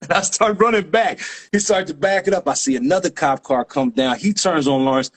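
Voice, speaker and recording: A man, a graffiti writer guest telling a story in lively street slang with sound effects. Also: fairly high pitch, brisk. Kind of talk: animated storytelling.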